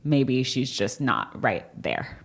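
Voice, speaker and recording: A young woman, a guest on a podcast, speaking in casual, animated chat and acting out what people said. Her voice sits very low for a woman. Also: takes it slowly, creaky. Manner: animated, laughs often, acts out quotes. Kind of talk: casual conversational storytelling.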